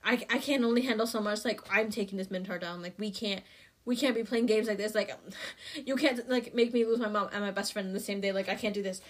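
A woman acting out a distraught, loyal twelve-year-old boy hero in a book recap, exasperated and rushed. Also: mid-range voice, natural voice. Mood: angry. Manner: exasperated, rushed, breaking into laughter.

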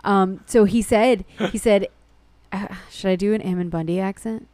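A woman's voice: medium pitch, steady tone, moderate pace, darkish tone, no room sound. A woman co-hosting a podcast in casual chat, sarcastic and jokey, laughing often. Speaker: podcast co-host.

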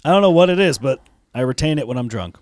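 A man's voice: medium pitch, animated, fast talker, darkish tone, dry recording. A man co-hosting a podcast, laid-back and wry, thanking listeners on a dry close mic. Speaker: podcast co-host. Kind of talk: casual banter.

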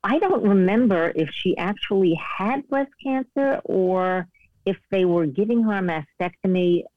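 A woman's voice: mid-range voice, unhurried, no echo, narrow, tinny audio. A woman in her sixties, a guest speaking candidly in casual conversation over a video call. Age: 60s. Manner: candid, chatty, self-deprecating.

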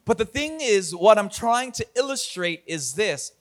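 A man's voice: high voice, lively intonation, unhurried. A man preaching an online church sermon as pastor. He talks energetically to his viewers and often laughs at himself.

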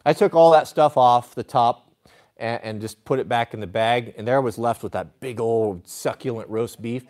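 A male livestream host who talks at a medium pitch and spins a long anecdote. He rambles and restarts often, then slips into quotes to act out the people in his story. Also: moderate pace, a little mellow.

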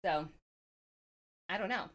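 Chatty woman with a lowish voice. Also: slow. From California. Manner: chatty, rambling, many fillers and "like"s. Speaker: podcast guest. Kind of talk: casual interview storytelling.

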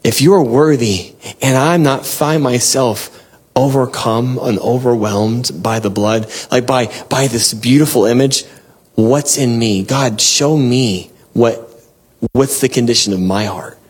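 A man preaching a devotional sermon and reading scripture, earnest and exhorting, with bursts of excitement and soft laughs. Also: mid-range voice, unhurried, slightly rough.

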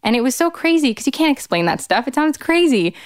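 A woman in her thirties tells a personal story, smooth and clear in tone, in a dry close-miked sound. She talks earnestly and animatedly, filling her sentences with "like" and jumping in pitch when she acts out what others said. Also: fast, no echo. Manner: animated, acts out quoted voices with big jumps in pitch; frequent "like" fillers, earnest and expressive. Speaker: podcast guest, author. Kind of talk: candid storytelling in a conversation.

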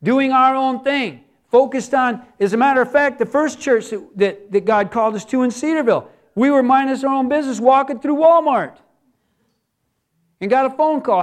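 Pastor guy preaching, really high voice, earnest, hammers words over and over. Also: moderate pace. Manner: earnest, repeats words for emphasis. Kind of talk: sermon.

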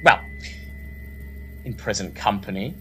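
A man's voice: lowish voice, lively intonation, unhurried, bright, forceful tone, soft background music. A man voicing a nervous, fussy male vampire seneschal who hesitates and stammers. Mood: hesitant.

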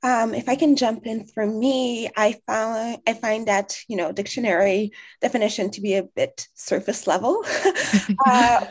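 A woman guest on a podcast, polite and measured, with frequent fillers as she speaks. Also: a little high. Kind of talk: casual podcast interview.

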